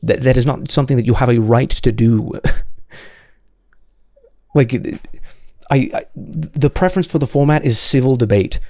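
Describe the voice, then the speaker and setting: A man's voice: medium pitch, moderate pace, dark tone, no room sound, clean studio sound. A man hosting solo commentary, answering comments in an exasperated, sarcastic way with many stammered restarts.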